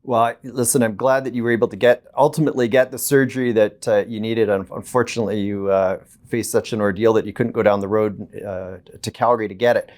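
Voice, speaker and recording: A man hosting a television interview, asking measured questions with frequent restarts. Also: fairly low pitch, steady tone, a little mellow. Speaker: host.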